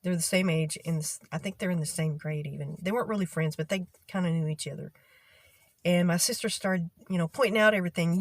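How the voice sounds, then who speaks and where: A woman's voice: lowish voice, fairly quick, dry recording. A middle-aged woman casually telling a story about a bad boss to her viewers, acting out what people said in an exasperated way. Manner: exasperated, acts out quoted voices. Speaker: vlogger telling a work story.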